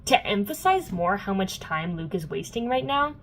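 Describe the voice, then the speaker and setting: A woman's voice: medium pitch, very animated, moderate pace, fairly bright tone, slight background noise, poor audio. A young woman vlogging a casual, sarcastic book recap full of fillers. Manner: chatty, filler-heavy, sarcastic asides.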